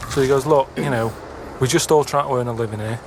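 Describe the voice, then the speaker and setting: A man's voice: mid-range voice, a little fast, noisy background. A British man telling a rambling anecdote on a comedy podcast, stalling on restarts and fillers. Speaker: podcast guest storyteller.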